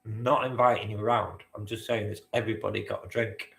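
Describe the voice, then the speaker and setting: A man's voice: on the low side, level tone, quick pace, gravelly, fairly bright tone, roomy sound. A man hosting a live-stream quiz, bantering with the chat and swearing now and then. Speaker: quizmaster.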